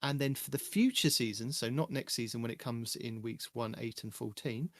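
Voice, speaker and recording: Male podcast host, mid-pitched, chatty, reading update notes; dry close mic. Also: moderate pace, no room sound. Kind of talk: casual gaming podcast chat.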